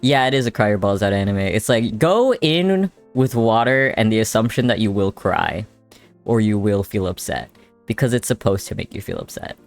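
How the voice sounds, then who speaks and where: A man's voice: on the low side, expressive, normal speed, soft background music. A young man streaming live while drawing, chatting casually with his chat in a rambling way and swearing freely.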